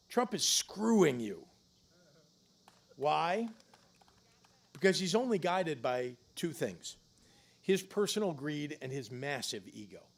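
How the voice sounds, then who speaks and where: A middle-aged man giving a political stump speech at a campaign event, emphatic, rising to loud punches and dropping low for grave points. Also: gravelly.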